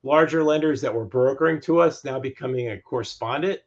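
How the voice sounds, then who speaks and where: A man's voice: mid-range voice, a little fast, highs cut off. A man speaking as a guest in a podcast interview on lending. He makes his points emphatically and repeats phrases to drive them home.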